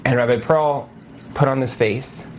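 A man giving a teaching talk over a video-call mic, his voice sitting in an ordinary middle pitch. He tells stories with animated energy, full of fillers, asides and quick restarts, in the manner of a coach guiding his listeners. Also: a little hiss or hum. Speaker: marriage coach and Torah teacher.

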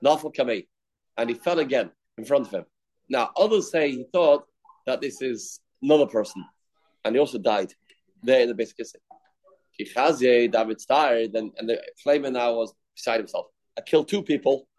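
Man teaching Talmud, lively retelling with Aramaic phrases, medium pitch. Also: normal speed, low-quality recording. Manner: animated storytelling, mixing Aramaic phrases and English. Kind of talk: Talmud class, retelling with acted quotes.

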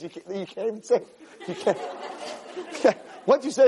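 A man giving a lively Torah lecture, who acts out scenes of shouting parents to make his points. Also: moderate pace, a little hiss or hum, rough recording. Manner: animated, acts out shouting parents in high pitch. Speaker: Torah teacher.

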